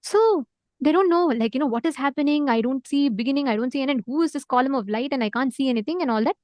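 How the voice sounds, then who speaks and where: A woman with a high voice tells a sacred story to an online class. She talks with lively energy, repeats words for emphasis and uses many filler words. The sound is dry and close. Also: quick pace, no echo. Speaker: spiritual teacher.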